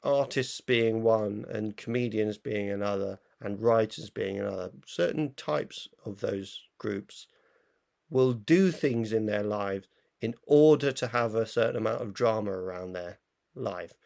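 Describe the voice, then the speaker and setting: A man with a gravelly, fry-tinged voice co-hosts a film review chat. He talks loosely, circling his point with fillers and restarts. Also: lowish voice, measured pace, darkish tone. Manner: rambling, full of fillers and restarts. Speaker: film review show co-host. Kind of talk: casual chat.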